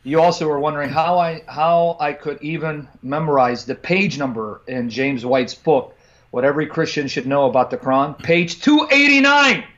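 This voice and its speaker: An emphatic, teasing man co-hosting a casual livestream chat, breaking now and then into preacherly asides. His voice sits a little high for a man. He comes through a dull, lo-fi remote line. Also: steady tone, normal speed. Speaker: co-host.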